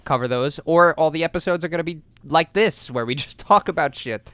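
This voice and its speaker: A young man co-hosting a podcast, telling a long story in a loose, profane way, acting out voices and shouting at the big moments. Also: on the high side, a little fast, no room sound. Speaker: podcast co-host. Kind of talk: casual storytelling chat.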